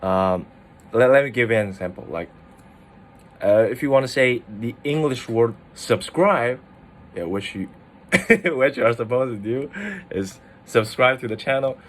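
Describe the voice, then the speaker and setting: Slow, easygoing man teaching tones. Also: medium pitch, slight background noise. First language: Chinese. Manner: relaxed, chatty, laughs often, plays with tones. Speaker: Chinese tutor. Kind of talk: casual video lesson.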